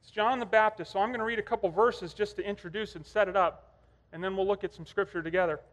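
Brief: male preacher, conversational storyteller, higher pitch, long church reverb. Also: steady tone, quick pace, a bit bright. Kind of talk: sermon.

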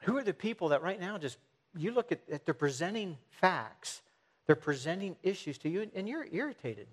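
Male preacher, earnest, repetitive emphasis, slightly high voice, some halting restarts. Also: very animated. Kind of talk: sermon.

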